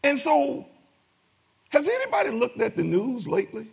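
Raspy high-voiced preacher, man. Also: very animated, normal speed. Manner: preaching with rising emphatic bursts and repetitions. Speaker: pastor. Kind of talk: sermon.

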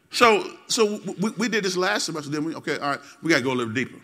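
A middle-aged male pastor preaching a sermon, repeating phrases and calling for responses, swinging from low asides to loud exhortation. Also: animated, rapid-fire, few pauses. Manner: repetitive, call-and-response preaching.

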